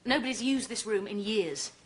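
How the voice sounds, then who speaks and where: An actress playing a dry, sardonic new teacher in a British sitcom. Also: female voice, medium pitch, moderate pace, background noise, lightly acted. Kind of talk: sitcom acting.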